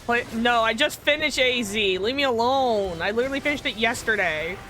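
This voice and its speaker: A woman's voice: fairly high pitch, lively intonation, a little fast, pushed and bright, soft background music. A young adult woman chatting casually and teasing her chat while playing a game live, laughing often. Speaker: gaming streamer.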